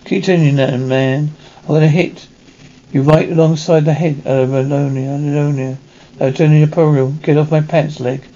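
A manic, rambling ex-pilot in an asylum, as a man puts him on, jittery and gravelly. The voice sits a touch high and mellow, on a dull lo-fi recording. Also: fairly even intonation, normal speed, lightly acted. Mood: agitated. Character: manic male ex-pilot in a psych ward.

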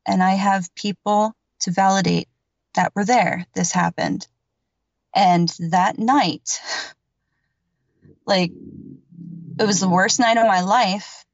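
Speaking at a medium pitch, a podcast guest recounts a paranormal experience of her own to an interviewer, rambling and emphatic, full of filler words and the occasional curse. There's no echo; the room sounds dead and the audio slightly dull and lo-fi.

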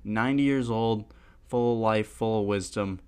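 A man's voice: fairly low pitch, moderate pace, a little mellow, a little hiss or hum. A young man hosting a podcast, rambling casually and laughing at himself. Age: young adult. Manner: rambling, self-deprecating, laughs often. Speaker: podcast host.

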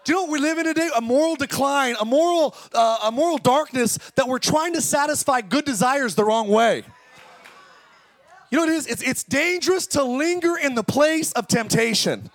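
A male pastor preaching an impassioned sermon that swings between fast talk, slow drawn-out words and shouting. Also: extremely high pitch. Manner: impassioned preaching, often shouting, sudden speed changes. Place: church service.

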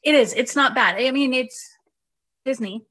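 A woman's voice: sits high, moderate pace, sharp tone. A woman in her thirties co-hosting a podcast, chatting casually with frequent fillers and laughs. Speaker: podcast co-host. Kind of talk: casual chat.

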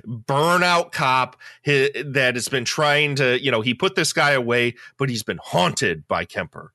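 A man's voice: medium pitch, expressive, a little slow, bright, forceful tone, no echo, studio quality. A man co-hosting a podcast in casual chat, telling stories in a wry way and restarting his sentences. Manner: wry, storytelling, restarts often. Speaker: podcast co-host.

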